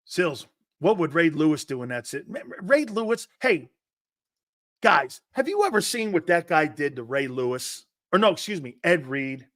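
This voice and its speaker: A man's voice: fairly high pitch, sing-song, moderate pace, dry recording, clean studio sound. Brash, profane male football show host. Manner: brash, loud, profane, mocking. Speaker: sports talk show host. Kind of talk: football talk show monologue.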